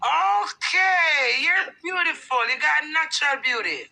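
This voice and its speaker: A woman's voice: high voice, lively intonation, a little slow, creaky, bright, forceful tone, poor audio. A Jamaican woman hosting a live stream, chatting in patois and talking about life's troubles. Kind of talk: casual live stream chat.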